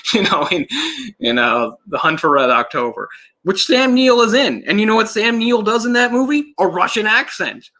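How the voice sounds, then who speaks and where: Giving loose, off-the-cuff commentary on a movie, this man keeps correcting himself and drops laughs and the odd swear word along the way. His voice is medium-pitched, bright and forceful.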